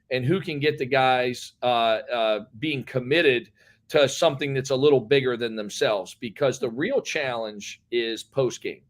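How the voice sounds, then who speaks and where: A man, a head basketball coach, telling stories in a casual, rambling interview. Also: medium pitch. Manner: rambling, animated storyteller.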